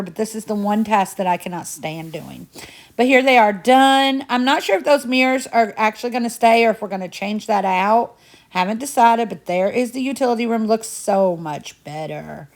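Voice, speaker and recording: A woman from Indiana with a Southern US twang that slips into a Midwestern accent, chatting casually and rambling as she narrates her cleaning vlog. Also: medium pitch. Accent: Southern US twang mixed with Midwestern. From Indiana, USA. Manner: talkative, rambling, folksy. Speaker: home cleaning vlogger.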